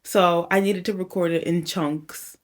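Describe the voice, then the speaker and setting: A woman's voice: fairly low pitch, steady tone, unhurried. Woman, casual vlog chat, rambling, says "y'all" and "like", slightly out of breath, at home. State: a little out of breath at times. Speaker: songwriter and home producer. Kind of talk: casual vlog talk to camera. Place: home, recording at a laptop.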